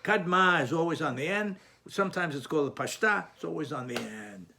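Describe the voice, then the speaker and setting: A man's voice: on the high side, animated, brisk, gravelly, sharp tone. A man teaching a lesson, patient and explanatory, often repeating and restarting phrases. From Sephardic Jewish community.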